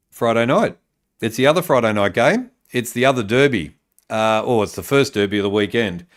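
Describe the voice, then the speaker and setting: An Australian man with a smooth, mid-range voice hosts a casual live-streamed talk show as a podcast host. He reads viewer comments and tips aloud, with lots of ums and uhs.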